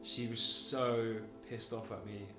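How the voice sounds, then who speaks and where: A man's voice: medium pitch, little pitch movement, slow pace, echoey room, music in the background. A man telling his own story on a podcast in a chatty way, laughing often between sentences and swearing casually. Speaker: podcast host.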